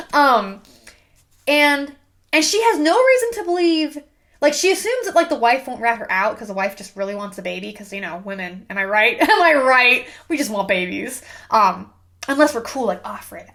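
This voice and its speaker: A woman's voice: high-pitched, a bit bright. A young woman hosting a casual book review, ranting sarcastically with plenty of "like" fillers. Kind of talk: casual rant monologue.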